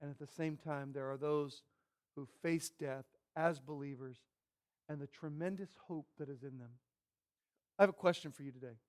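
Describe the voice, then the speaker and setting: A man preaching a sermon, swinging from hushed, almost whispered lines to loud, emphatic bursts. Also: on the high side, normal speed. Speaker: pastor.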